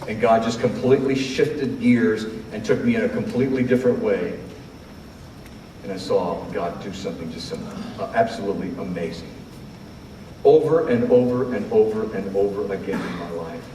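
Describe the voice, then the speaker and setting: A man preaches a sermon, his voice dropping to a hush and then climbing to loud, ringing peaks. He is picked up from some distance in a big church hall, so long reverb trails every phrase. A faint room ambience sits underneath. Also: on the low side, noisy background. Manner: swings from hushed to loud shouting when retelling scripture.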